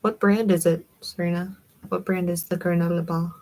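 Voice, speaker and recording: A young Southern woman hosts a livestream, rambling casually as she answers her viewers' comments. Her voice sits low and carries a gravelly fry. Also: steady tone, normal speed, darkish tone, rough recording. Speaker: livestream host.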